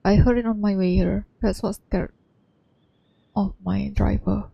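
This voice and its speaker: A woman's voice: medium pitch, fairly even intonation, measured pace, vocal fry, breathy edge, muffled recording, exaggerated voice. A woman reading the lines of a polite, wary young traveler in her own everyday voice. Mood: earnest.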